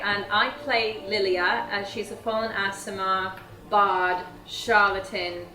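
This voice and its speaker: A woman describing her tabletop character plainly and matter-of-factly. Her voice is bright and forward, heard in a roomy space with faint music underneath. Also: medium pitch, little pitch movement, takes it slowly. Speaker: player. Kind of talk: casual chat.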